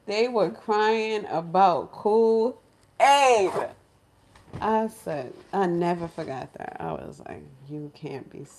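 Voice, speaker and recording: A woman from New York, a lifestyle vlogger, telling a story in casual chat in her home kitchen, animated and laughing, acting out other people's voices. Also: medium pitch, takes it slowly, slight background noise. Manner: animated, laughing, acts out crying voices in quotes.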